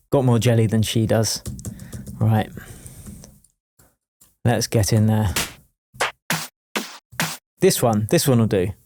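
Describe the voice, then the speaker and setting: A man teaching a music production tutorial in a chatty, jokey way, wired on coffee and full of quick asides. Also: mid-range voice, a little mellow. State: wired on coffee, talking fast. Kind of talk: screen-recorded production tutorial.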